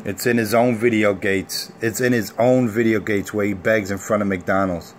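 A low-voiced man in a loose, boastful morning rant, trash-talking and bragging. His voice sits deep, and there is a faint hiss behind him. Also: steady tone, moderate pace, few pauses. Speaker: CB radio operator ranting on air.

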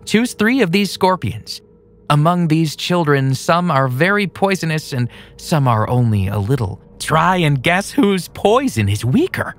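A man voicing a creepy young man who keeps scorpions and gloats as he tortures his captive, with slow, sing-song talk over light music. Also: fairly high pitch, big pitch swings, pitched above the performer's own voice. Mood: gloating. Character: creepy young man, scorpion-obsessed captor, gleefully sadistic.

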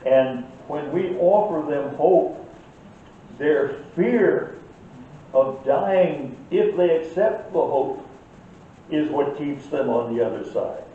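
A man's voice: on the high side, expressive, slow, narrow, tinny audio, a little hiss or hum. An older man teaching a church Sunday school class in an earnest way that gets worked up, heard from far off in an echoey room.

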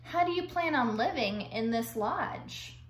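A woman's voice: fairly high pitch, expressive, measured pace, slight background noise. A stubborn, grumbling male beaver, voiced by a woman reading aloud, muttering his complaints. The reading sounds roomy and a little echoey. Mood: grumpy. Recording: echoey room.

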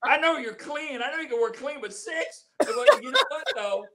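A man's voice: extremely high pitch, sing-song, normal speed, crowd noise. A middle-aged male radio host and comedian interviewing a fellow comic in a joking, teasing way. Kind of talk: casual interview chat.

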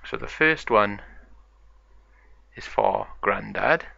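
A man narrating a story acted out with toys, in a slow, gravelly way. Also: fairly low pitch, sharp tone, dry recording. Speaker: toy video narrator. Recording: dull lo-fi sound.

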